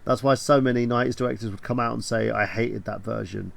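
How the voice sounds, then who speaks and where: Gravelly man chatting about movies. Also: mid-range voice, quick pace. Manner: animated, swears freely, acts out quotes. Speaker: podcast co-host. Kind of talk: casual movie discussion.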